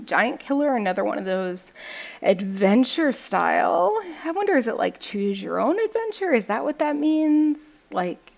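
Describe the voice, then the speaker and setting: A young woman with a gravelly, creaky voice rambles playfully as she opens digital card packs, reading rules text and poking fun at the art. The recording is a little dull and lo-fi. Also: fairly high pitch, a little mellow. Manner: chatty and playful, reads card text aloud and jokes about the art. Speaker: gaming video host. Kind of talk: casual commentary while opening card packs.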